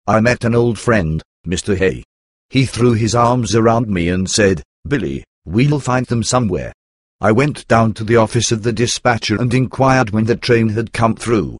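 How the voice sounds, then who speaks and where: A man's voice: lowish voice, no echo, clean studio sound. A man narrating his own life story in the first person, earnest and emotional, with sighing asides.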